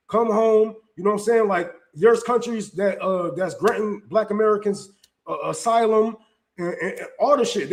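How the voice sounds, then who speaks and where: A man hosting a casual opinion livestream, talking in a heated, profane, emphatic way with frequent restarts. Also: sits high. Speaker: livestream host. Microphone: streaming setup mic.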